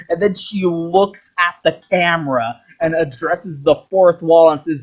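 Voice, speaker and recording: A young man rambling through game commentary with plenty of swearing, acting out the quotes as he goes. His voice sits fairly high, and the sound is dull and lo-fi. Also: slow. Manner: profane, rambling, acts out quotes. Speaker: video host.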